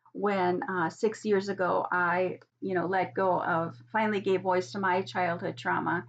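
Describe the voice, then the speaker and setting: A middle-aged woman giving a gentle spiritual card reading, soft, earnest and encouraging. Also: medium pitch, a little hiss or hum. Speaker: oracle card reader. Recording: dull lo-fi sound.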